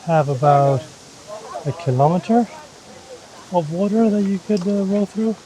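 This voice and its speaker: A man's voice: sits high, lively intonation, a little slow, mellow, low-quality recording. A man vlogging while walking through a river gorge, explaining the sights to a handheld camera in a casual, chatty way. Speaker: travel vlogger. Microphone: handheld camera held aloft.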